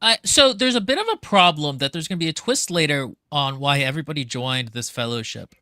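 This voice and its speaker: A man's voice: a little high, animated, fairly quick, sharp tone, no echo. A man co-hosting a book podcast who chats about the story with many fillers. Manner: chatty, with fillers and laughs. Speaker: podcast co-host. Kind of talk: casual book discussion.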